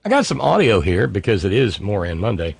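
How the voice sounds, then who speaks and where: A man's voice: fairly low pitch, wildly swooping pitch, a little fast, creaky, husky, no room sound. A middle-aged man hosting a call-in radio show, sardonic, reading listener messages aloud in mocking voices. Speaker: radio talk show host.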